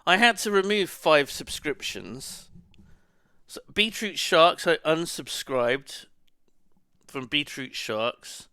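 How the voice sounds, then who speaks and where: A man's voice: a little high, animated, slow, sharp tone, clean tone, dry recording, studio quality. A man chatting casually on a live stream, rambling and muttering to himself as he browses.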